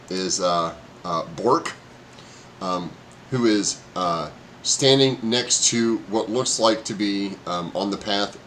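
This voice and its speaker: A man narrating as game master in a tabletop game, halting with many ums and uhs and laughing often. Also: fairly low pitch, a bit bright, a little hiss or hum.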